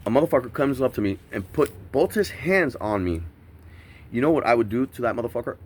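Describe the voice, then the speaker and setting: A man's voice: medium pitch, animated, fast, a little hiss or hum. A man angrily retelling being handcuffed, swearing constantly and acting out the voices of everyone involved. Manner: agitated, profane, mimics voices while retelling. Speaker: man detained by police. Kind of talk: heated recounting of an arrest. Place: outdoors by a street.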